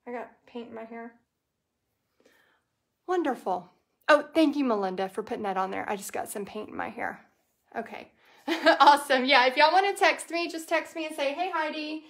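Chatty Texan woman, high voice. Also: fairly bright tone, echoey room. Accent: Texas. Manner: chatty, rambling, talks straight to viewers. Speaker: craft business teacher and livestream host. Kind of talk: casual livestream chat while painting.

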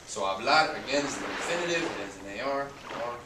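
A male teacher walks through a lesson patiently, repeating words and spelling out their endings. His voice sits at an ordinary pitch but sounds roomy and set back from the mic. Steady noise runs under it. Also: quick pace, distant mic. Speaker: Spanish teacher. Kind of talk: explanatory lesson. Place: outdoors at a beach.

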